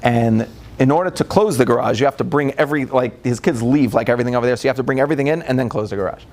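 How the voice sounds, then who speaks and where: In a humorous lecture, a rabbi rattles off family stories at a very fast pace in a mid-range voice. He's animated, plays out the dialogue, and laughs frequently.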